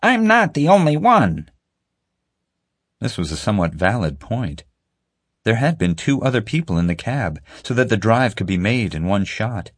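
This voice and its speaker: A male audiobook narrator reads with a steady storytelling manner and a very deep voice. The recording is dry and close, with no room sound. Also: moderate pace, no echo. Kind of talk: scripted narration.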